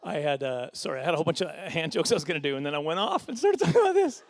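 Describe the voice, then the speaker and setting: A slightly high, very animated voice belongs to a middle-aged man doing comedy at a fundraising dinner. He wanders from point to point, runs himself down, and chuckles through rapid asides.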